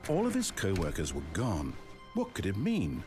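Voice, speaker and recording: An exasperated, wry game narrator. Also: male voice, deep voice, wildly swooping pitch, moderate pace, over music. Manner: wry, fussy, theatrical storytelling.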